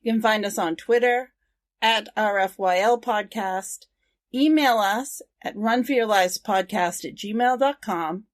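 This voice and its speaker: A woman with a medium-pitched voice co-hosts a casual podcast. She speaks earnestly about the film and then reads out the show's sign-off in a plain, steady way. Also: a little slow. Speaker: podcast co-host.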